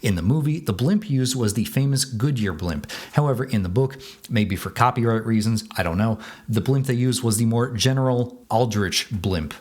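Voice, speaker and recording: Male reviewer, mid pitch, plainspoken and casual commentary read. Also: animated, moderate pace, darkish tone. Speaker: book and film reviewer. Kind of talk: scripted video commentary.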